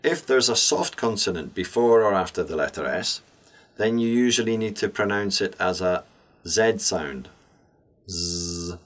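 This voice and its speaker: A man teaching English pronunciation in a scripted lesson, speaking deliberately and enunciating each sound clearly. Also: fairly low pitch, expressive, fairly bright tone.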